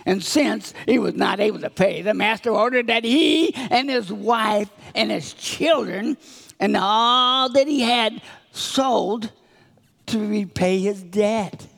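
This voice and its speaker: A man's voice: sits high, takes it slowly, gravelly, a bit bright. A man giving a children's sermon in a church, telling a story with acted-out voices. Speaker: children's minister. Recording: reverberant hall.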